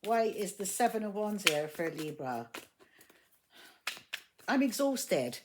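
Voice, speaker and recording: A woman's voice: mid-range voice, sing-song, slow pace, noisy background. A woman giving a casual tarot reading, blunt and exasperated, swearing heavily and laughing often. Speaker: tarot reader.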